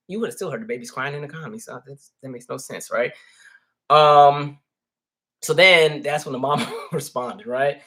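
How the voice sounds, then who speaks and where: A man's voice: a little high, moderate pace, sharp tone. A man hosting a casual commentary vlog, chatty and candid, often checking in with "right?" and "you know". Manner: candid, easygoing storyteller. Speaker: host.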